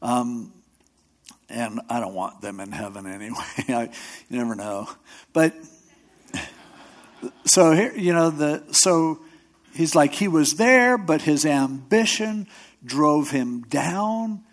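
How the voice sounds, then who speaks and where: Speaking slowly with long pauses and a fairly high pitch, a man who both pastors a church and hosts a radio show preaches conversationally. He tells stories and acts out quotes in different voices, talking loosely with restarts and asides.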